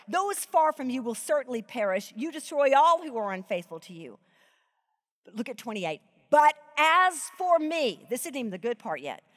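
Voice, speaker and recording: A middle-aged woman preaching a sermon at a live event, emotional and choked up, swinging between soaring emphasis and hushed reading. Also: fairly high pitch, animated, a little fast. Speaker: Bible teacher.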